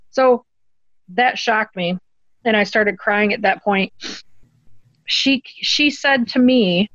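A woman's voice: mid-range voice, slow pace, a bit bright, no echo, dull audio. A woman telling an emotional personal story as an interview guest, earnest and at times tearful, lifting her voice when she quotes others. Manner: earnest, tearful at moments, quoting others in a lifted voice.

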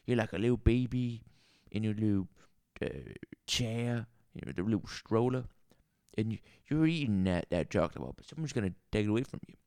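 A man's voice: lowish voice, animated, a little fast, a little mellow, clean tone, dry recording, studio quality. A man doing a crude rambling Southern barkeep. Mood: rambling, preachy. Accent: put-on Southern US. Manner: crude, rambling, swears a lot. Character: crude rambling male Southern bar owner. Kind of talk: improvised character comedy.

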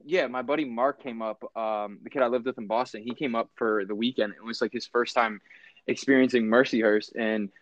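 Young dude rambling thru a story, swears a lot, kinda dull dry recording. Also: male voice, mid-range voice, fairly even intonation, a little fast, no echo. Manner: rambling, profane, laughs mid-story. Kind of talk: casual storytelling chat.

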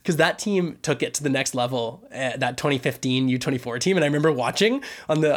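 Brief: man, 30s, from Canada, podcast co-host, lively laughing storyteller, mid-pitched voice. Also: fast talker, hardly any pauses. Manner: animated storyteller, laughing, jumps high when quoting himself. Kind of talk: casual storytelling chat.

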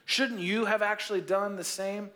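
A man's voice: high-pitched, steady tone, moderate pace, sharp tone, pitched above the performer's own voice. A man voicing a stern male master who scolds his servant with emphatic indignation. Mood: indignant.

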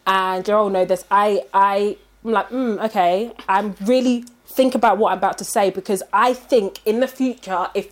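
A woman's voice: mid-range voice, fairly even intonation, moderate pace, hardly any pauses. A woman, speaking thoughtfully in a casual podcast chat.

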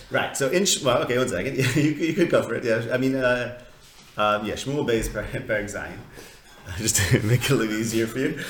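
A man's voice: mid-range voice, a little hiss or hum. Casual man teaching a text class, echoey room. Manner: conversational, questioning, full of restarts and fillers. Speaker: Torah teacher.

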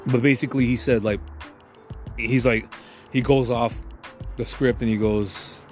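A man's voice: mid-range voice, fairly even intonation, unhurried, pauses often, faint music behind. A man hosting a podcast, ranting crudely and heatedly in a rambling monologue full of filler and profanity. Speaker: podcast host.

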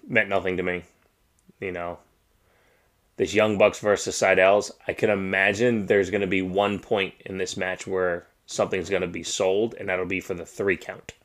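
A man's voice: low voice, pushed and bright. A man hosting a casual wrestling podcast, ranting bluntly and swearing freely as he gives his opinions. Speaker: podcast host. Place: home streaming setup.

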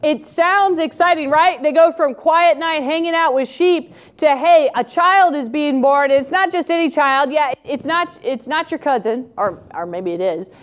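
A woman's voice: sits high, moderate pace, hardly any pauses. A woman reading scripture and then preaching in a conversational way, often asking the listener rhetorical questions. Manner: conversational, asks rhetorical questions, animated when quoting. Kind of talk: scripture reading and reflective sermon.

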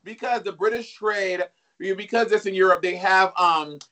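A man joins over a video call, speaking in a high, bright voice. He is sassy and gossipy, tossing out slangy remarks. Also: normal speed. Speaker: guest. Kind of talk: casual chat.

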